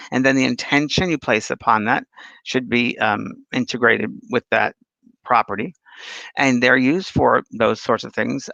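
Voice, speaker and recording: A man's voice: mid-range voice, creaky, sharp tone, no echo. A man hosting a casual spiritual talk show, rambling through anecdotes and viewer questions. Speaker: spiritual medium and host. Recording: dull lo-fi dry sound.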